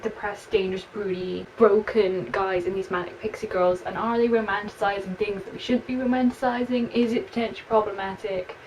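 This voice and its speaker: A young woman with an English accent, chatting expressively through a book review and reading passages aloud, with frequent "like" fillers. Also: mid-range voice. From England. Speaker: book vlogger. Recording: slightly distant mic with faint room noise.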